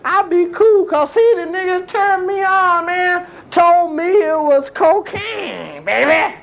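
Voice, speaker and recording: A high, whining strung-out junkie, as a man acts him out in a stand-up routine. He drawls his complaints slowly, lets his voice break into sobs, then flares into shouts. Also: lively intonation, vocal fry, heavily acted, low-quality recording. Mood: desperate. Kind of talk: stand-up character bit.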